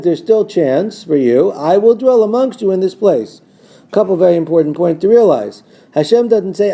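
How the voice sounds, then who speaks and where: A male teacher giving a recorded lesson on a biblical text, reading Hebrew verses slowly and translating them line by line. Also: mellow. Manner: rises in pitch when quoting the false prophets' words.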